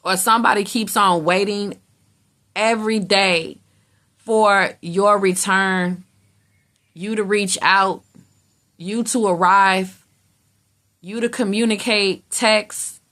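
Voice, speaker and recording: A woman's voice: medium pitch, steady tone, slow pace, pauses often, a bit bright. A woman giving a casual tarot reading in a blunt, emphatic way, swearing freely and acting out how other people react. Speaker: tarot reader.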